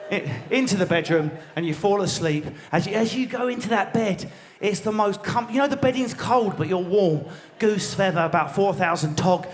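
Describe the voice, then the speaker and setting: A man in his forties with an Essex accent doing a crude, rapid-fire stand-up routine on a theatre stage, leaping into squeaky voices. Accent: Essex English. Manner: rapid, animated, crude riffing with squealed voice jumps. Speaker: stand-up comedian.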